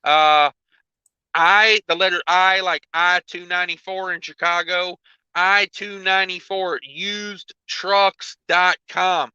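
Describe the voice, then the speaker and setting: High bright-voiced joking trucker. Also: male voice, takes it slowly, clean tone, dry recording. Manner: joking, deadpan. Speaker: livestream host. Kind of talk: casual livestream chat. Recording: dull muffled stream audio.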